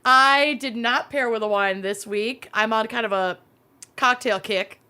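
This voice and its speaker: A woman's voice: a little high, unhurried, pushed and bright. A woman co-hosting a true crime podcast, jokey and giggly in casual chat. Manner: giggly, jokey, plays with silly voices. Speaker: podcast co-host.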